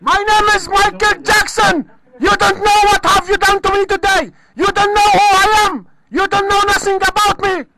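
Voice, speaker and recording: A man on a phone call, angrily shouting insults and threats. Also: very high voice, steady tone, normal speed. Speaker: caller. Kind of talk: angry prank phone call. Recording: noisy phone recording.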